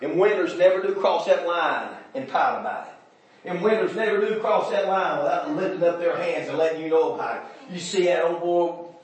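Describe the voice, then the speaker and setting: A man preaching a folksy revival sermon, telling stories and building up to shouts. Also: a little high, moderate pace, heavy reverb, recorded from a distance, slight background noise. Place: church sanctuary.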